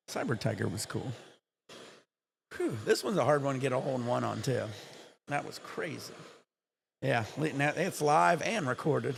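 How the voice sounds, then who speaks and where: A man chatting on his own livestream, excitable and swearing freely, with breathless exclamations between his remarks. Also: mid-range voice, vocal fry, slight background noise. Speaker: livestream gamer. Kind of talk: excited casual livestream chat.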